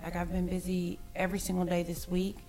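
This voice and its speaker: Upbeat, low-voiced woman co-host. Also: monotone, fairly quick, music in the background. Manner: upbeat, laughs often. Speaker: podcast co-host. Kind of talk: casual chat.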